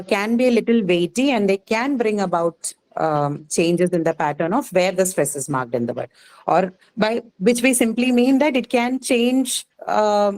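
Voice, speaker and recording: A woman's voice: mid-range voice, darkish tone, poor audio. A woman teaching a class, explaining patiently with many fillers and checking questions. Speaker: English teacher. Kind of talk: live class lecture on word stress.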